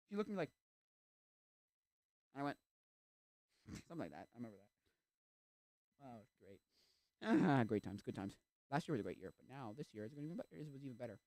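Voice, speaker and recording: Rambling young man, fast and lively. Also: medium pitch, no echo. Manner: rambling, full of fillers and tangents, acts out quoted voices. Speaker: livestreamer. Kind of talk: casual chat.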